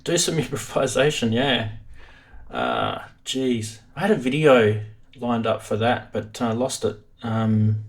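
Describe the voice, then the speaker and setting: A man's voice: mid-range voice, sing-song, slow pace. An Australian man hosting a live stream from his home studio, chatting casually in a self-deprecating way.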